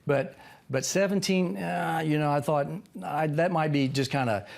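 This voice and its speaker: A man in his sixties, a podcast guest, tells a rambling personal story in a casual interview and acts out quoted lines in a sudden higher voice. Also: normal speed, gravelly, darkish tone. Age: 60s.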